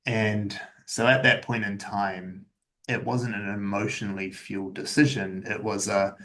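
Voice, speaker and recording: A man who founded an agency, telling his personal story as a podcast guest in a candid, even-keeled way, with many uses of "like". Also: on the low side, a little slow.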